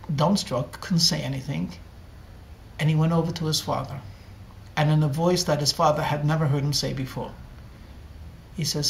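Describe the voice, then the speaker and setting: A man's voice: on the high side, creaky, slight background noise. Man, rabbi, sermon storytelling, dramatic delivery, acts out the dialogue.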